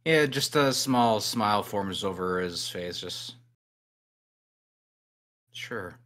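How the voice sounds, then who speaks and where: A man playing a tabletop game, describing his character briefly and in a soft-spoken way. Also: on the low side, expressive, measured pace. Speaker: player.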